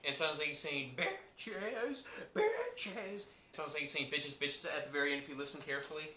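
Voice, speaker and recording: A man's voice: a little high, little pitch movement, racing, bright, forceful tone, reverberant, slight background noise. A man giving a casual spoken movie review, rambling and repeating himself with many restarts.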